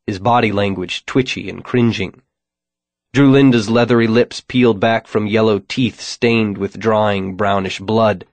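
A man narrates a first-person story in a measured, wry way, his voice sitting on the low side. The recording is dry and close, with no room sound. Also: dry recording. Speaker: audiobook narrator.

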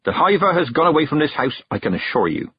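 A man voicing a stern, blunt old woman witch who talks in plain, rough country grammar, in a storybook reading. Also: on the high side, very animated, quick pace, no echo, highs cut off, voice pushed up, full character voice. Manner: gruff, plain-spoken, dropped-g country grammar.

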